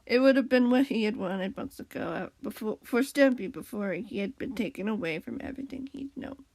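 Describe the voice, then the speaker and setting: A young woman reads a story aloud casually, with a slightly high voice. She drops in playful asides now and then. The sound is close and dry. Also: fairly quick, a little mellow, no echo. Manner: chatty asides, laughs at her slips. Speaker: reader.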